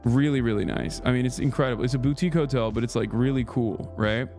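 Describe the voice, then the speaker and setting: A man's voice: mid-range voice, quick pace, darkish tone, faint music behind. A man in his thirties, a streamer telling a long, profane, exasperated story in casual livestream chat.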